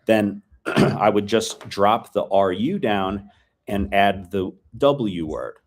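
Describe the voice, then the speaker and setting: A man with a fairly low voice teaches a filmed language lesson. He talks in a relaxed, chatty way and repeats short phrases so learners can drill them. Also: slow pace.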